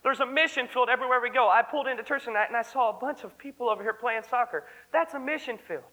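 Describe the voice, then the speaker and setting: A man's voice: very high-pitched, quick pace, pushed and bright, low-quality recording. A young man preaching a fervent, earnest sermon at a church service. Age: young adult.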